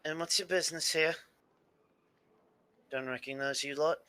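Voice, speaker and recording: Brief: man voicing a wary city guard, drifting Southern drawl, bright. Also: a little high, steady tone, moderate pace, pitched above the performer's own voice. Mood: suspicious. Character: gruff guard asking strangers their business.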